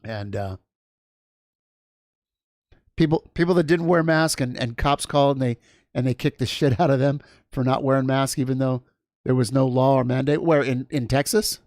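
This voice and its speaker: A man's voice: medium pitch, fairly even intonation, normal speed, long pauses, a little mellow, no echo, clean studio sound. A man hosting a livestream, telling a long story in a casual, rambling way with many restarts and asides. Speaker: livestream host. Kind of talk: casual chat.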